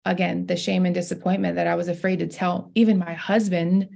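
A woman's voice: on the low side, level tone, brisk, vocal fry, dark tone. A young adult woman, a pastor and podcast guest, telling a personal story in an earnest, heartfelt way. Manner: heartfelt, earnest, laughs through tears.

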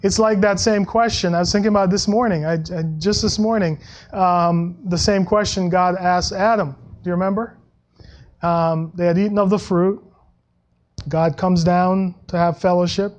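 A male pastor preaches a sermon conversationally at normal speed with fairly even intonation, often restarting and laughing softly. When he quotes scripture, he drops into a lower voice to act out the Bible passages.

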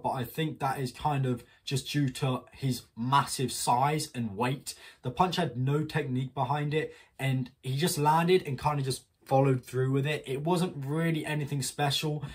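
A man's voice: medium pitch, breathy edge. A man giving blunt, opinionated commentary in a casual vlog and swearing freely. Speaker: commentary YouTuber.

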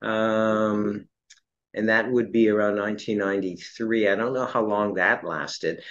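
A man's voice: on the low side, steady tone, a little slow, fairly bright tone. A man interviewing, reminiscing in a rambling way and stopping to search for names and dates. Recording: dull lo-fi sound.

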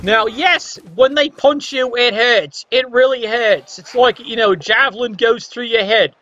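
High-voiced sarcastic male commentator. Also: unhurried, pushed and bright, no room sound, lo-fi sound. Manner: wry, sarcastic asides. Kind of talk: comedic game commentary.

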